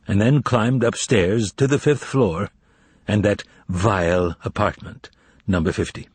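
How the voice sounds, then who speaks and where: Husky, lively male audiobook narrator. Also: medium pitch, no echo. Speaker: audiobook reader. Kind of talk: expressive novel narration.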